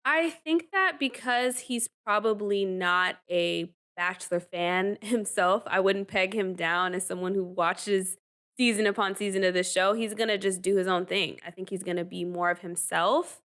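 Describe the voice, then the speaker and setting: A chatty woman co-host riffing casually on a dating show. She is animated, breaks into laughter often, and fills her talk with "like" and "um". Her voice sits in a middle pitch, neither high nor low. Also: moderate pace. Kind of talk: casual reality-TV reaction chat.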